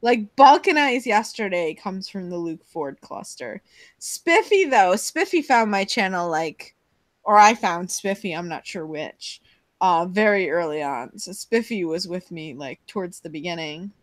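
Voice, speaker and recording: A woman's voice: lowish voice, animated, unhurried, dry recording. A woman hosting a casual live stream chat, rambling and giggly as she jumps between topics, heard over a video call.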